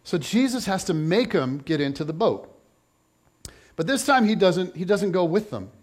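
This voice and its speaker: A man preaching a sermon, telling the story in a lively, joking way and acting out the people in it. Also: high voice, normal speed, slightly rough. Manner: animated, jokey storytelling with voiced asides. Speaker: pastor.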